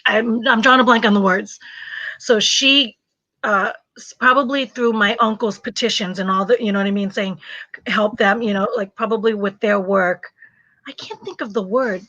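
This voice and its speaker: Bright, laughing woman telling her story. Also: medium pitch, moderate pace, no echo, lo-fi sound. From refugee from a communist country, raised in the US. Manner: animated storytelling, laughs often, searches for words. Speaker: host. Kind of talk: casual live chat.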